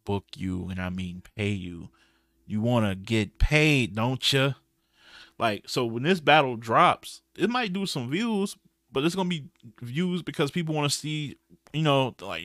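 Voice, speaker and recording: A man's voice: medium pitch, measured pace, dry recording. Man, podcast host, casual recap, slangy, blunt, dry sound. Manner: animated, slangy and blunt, with frequent restarts.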